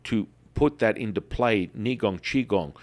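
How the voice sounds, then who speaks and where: A man hosting a podcast, talking in an emphatic, repetitive way and telling animated stories. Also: on the low side, unhurried. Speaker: podcast host. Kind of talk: enthusiastic promotional talk.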